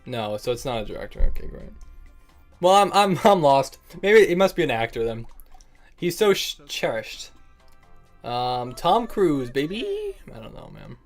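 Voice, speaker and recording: A man's voice: mid-range voice, sing-song, moderate pace, creaky, faint music behind. A young man streaming and chatting casually with viewers, joking and laughing often and calling people bro and man. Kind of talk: casual livestream chat.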